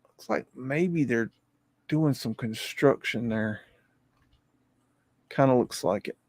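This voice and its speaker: A man hosting a livestream, talking in an excitable, profane, rambling way. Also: mid-range voice, slow pace, no room sound. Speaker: livestream host. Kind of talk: casual livestream commentary.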